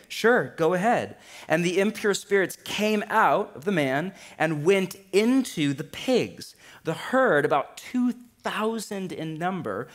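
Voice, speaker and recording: A man in his thirties preaching a sermon in a church, animated and lively, with humor. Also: a little high. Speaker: pastor. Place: church sanctuary.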